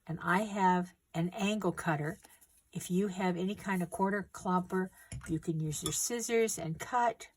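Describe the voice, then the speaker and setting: A middle-aged woman calmly walking viewers through a paper craft step by step while she works. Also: lowish voice. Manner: gentle, unhurried instructions while working with hands. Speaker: craft tutorial host.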